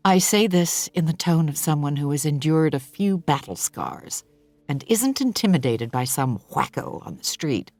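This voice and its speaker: A woman narrating a novel in the first person in a measured, expressive way. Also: low voice, no echo, faint music behind. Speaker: audiobook narrator.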